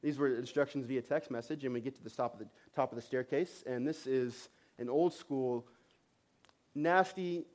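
A man in his thirties, a pastor preaching, telling a self-mocking story with animated delivery and frequent restarts. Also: medium pitch, normal speed. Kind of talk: sermon storytelling.

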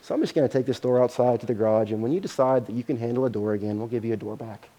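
Man as father figure, calm, gentle, patient, mellow. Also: medium pitch, rapid-fire, natural voice, rough recording. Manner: gentle, patient, softly spoken. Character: calm loving middle-aged father.

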